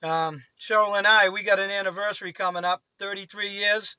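A man's voice: high-pitched, little pitch movement, brisk, bright, forceful tone, clean tone, dry recording, highs cut off. A man in his fifties with a Boston accent, calling in to a radio show and chatting in a rambling, friendly way. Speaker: radio caller. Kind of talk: casual call-in chat.

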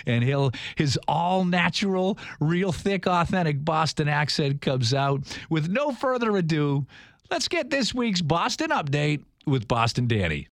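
A man's voice: fairly high pitch, very animated, unhurried, no room sound, clean studio sound. A man in his fifties hosting a talk show, rambling and earnest with many restarts. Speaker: radio show host.

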